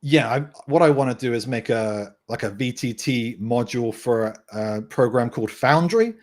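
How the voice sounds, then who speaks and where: A man's voice: mid-range voice, moderate pace. A man with a light West Country English accent talks casually as a podcast guest, rambling and restarting his sentences. He laughs easily, and a desk microphone picks him up close. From West Country, England. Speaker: guest game designer.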